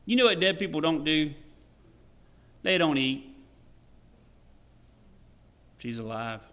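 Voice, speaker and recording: A preacher, a man with a slightly raised pitch, delivers a sermon in a church. He is animated and folksy, acting out the scenes he tells and joking with his congregation. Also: slow pace. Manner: animated, acts out scenes in varied voices. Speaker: pastor. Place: church sanctuary.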